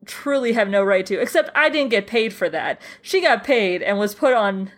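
A woman's voice: medium pitch, lively intonation, normal speed. A woman co-hosting a podcast, chatting casually about a TV episode with a hesitant style full of restarts. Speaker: podcast co-host. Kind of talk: casual chat reviewing a TV episode.

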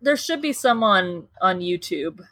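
A woman's voice: mid-range voice, animated, a little slow, bright, forceful tone, no room sound. Gushing, enthusiastic woman, dry sound. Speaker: podcast co-host. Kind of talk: casual chat.

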